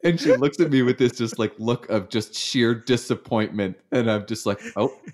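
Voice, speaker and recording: A man's voice: mid-range voice, moderate pace, a little mellow. A man co-hosting a casual podcast, telling self-mocking jokes. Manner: wry, self-mocking humor. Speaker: podcast co-host. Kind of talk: casual chat.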